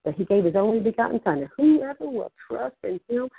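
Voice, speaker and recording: A middle-aged woman preacher giving a fervent testimony sermon, drawing key words out slowly for emphasis. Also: a little high, big pitch swings, vocal fry, slightly rough, no room sound. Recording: tinny phone-like line, dry.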